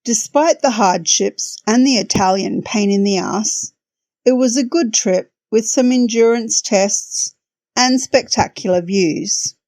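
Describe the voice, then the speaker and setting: A woman's voice: a little high, slow, a little mellow, no echo. A woman hosting a podcast, narrating a travel story from a script with wry, dry humor.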